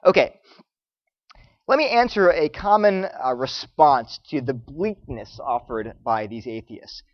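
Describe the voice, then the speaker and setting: A man lectures students, his pitch leaping up and down as he builds his stories. He slips into the voices of the people he quotes. The sound is dry and close, a little dull and muffled. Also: a little slow, dry recording. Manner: animated storytelling, acts out quoted voices. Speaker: Christian apologetics speaker.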